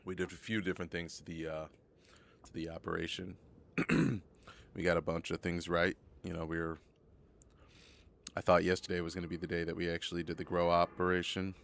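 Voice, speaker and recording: A hoarse, sick young man streaming live gameplay, chatting casually and rambling, often repeating himself. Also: low-pitched, level tone, a little fast, long pauses, a bit bright. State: hoarse from a cold.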